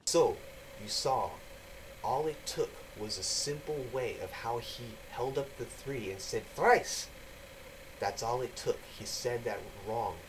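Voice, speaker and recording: A man's voice: medium pitch, unhurried, noisy background. A man from the United States giving a casual, rambling explanatory talk for his video channel, full of fillers and restarts. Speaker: vlogger.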